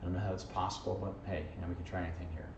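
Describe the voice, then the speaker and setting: A lowish-voiced man teaching algebra in a playful, joking way, checking in with the class every few lines. He is caught from across a roomy, echoing space. The sound is dull and a little muffled, with a faint hiss behind it. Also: flat delivery, rapid-fire, darkish tone. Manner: jokey, playful, full of "okay?" and "right?". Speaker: math teacher. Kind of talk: informal video math lesson. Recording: echoey, distant, dull camera audio with faint hiss.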